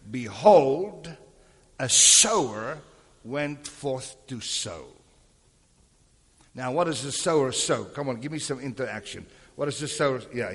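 A man's voice: mid-range voice, husky. A man preaching a sermon to a congregation, calling out for amens and responses as he teaches from scripture. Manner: calls for amens and crowd responses. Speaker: pastor. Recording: long hall reverb.

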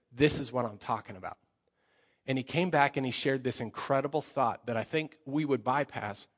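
A young adult man preaching a sermon as pastor, telling stories with lively energy, fillers and repeated phrases. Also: medium pitch, in a large hall.

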